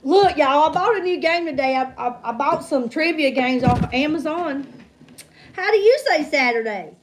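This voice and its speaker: High-voiced chatty woman in her fifties. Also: expressive, moderate pace, a little hiss or hum. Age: 50s. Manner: chatty, folksy, calls viewers hon and honey. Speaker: livestream trivia host. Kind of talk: casual livestream chat greeting viewers.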